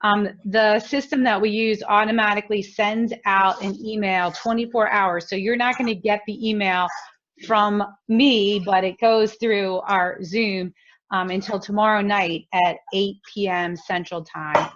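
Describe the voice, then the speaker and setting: A woman's voice: mid-range voice, steady tone, fairly bright tone, slight background noise. Woman hosting a webinar, lo-fi. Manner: brisk, with filler ums. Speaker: webinar host. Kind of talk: webinar announcements. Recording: dull lo-fi audio.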